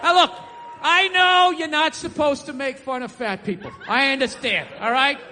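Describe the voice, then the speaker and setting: A man rants through a stand-up set in a very high, bright, forceful voice, sarcastic and profane, often breaking into shouts. His handheld mic picks him up on a theater stage with a long hall reverb and faint ambience behind him. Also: moderate pace, a little hiss or hum. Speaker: stand-up comedian. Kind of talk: stand-up comedy rant. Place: theater stage before a live audience.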